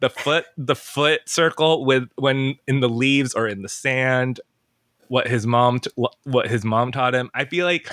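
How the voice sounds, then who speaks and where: A man's voice: mid-range voice, unhurried, a bit bright, dry recording, studio quality. A man guest on a podcast, chatting casually in an emotional, rambling way and second-guessing himself. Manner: emotional, rambling, self-questioning. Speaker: podcast guest, entertainment writer.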